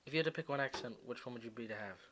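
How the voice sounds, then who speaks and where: A man's voice: medium pitch, very fast, fairly bright tone. A young man co-hosting a casual podcast, joking, swearing freely and laughing often. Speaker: podcast co-host. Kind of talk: casual chat.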